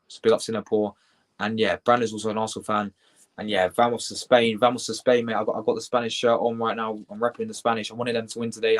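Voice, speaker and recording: A young British man hosting a live football reaction stream, chatty and excitable, swearing and shouting out viewers in his chat. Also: medium pitch. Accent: British English. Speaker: football livestream host.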